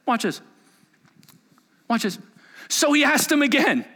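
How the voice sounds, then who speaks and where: A man preaching a sermon and reading scripture aloud, swinging between hushed asides and loud exclamations. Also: very high-pitched, big pitch swings, a little slow. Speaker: pastor. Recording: long hall reverb.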